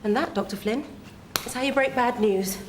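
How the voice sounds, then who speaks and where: An actress playing a nurse in a sitcom, speaking softly and deliberately. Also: female voice, fairly high pitch, slight background noise. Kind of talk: sitcom acting.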